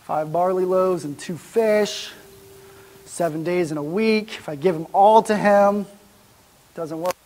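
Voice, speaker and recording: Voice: medium pitch, unhurried, darkish tone, natural voice, poor audio. A preacher voicing a little boy counting his lunch. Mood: calculating. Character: small boy weighing up giving away his lunch.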